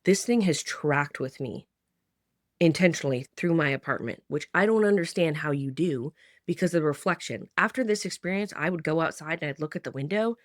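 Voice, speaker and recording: A woman's voice: low voice, expressive, fairly quick, no echo, clean studio sound. A woman in her thirties telling a personal story to camera in a chatty way, full of "like", restarts and sighs. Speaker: vlogger.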